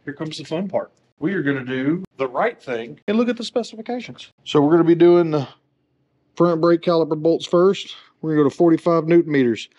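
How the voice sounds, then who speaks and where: A man's voice: on the high side, a little fast, a little mellow, muffled recording. A man working as a motorcycle technician, talking through a wheel install in a workshop with joking, self-deprecating asides. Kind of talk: casual how-to tutorial.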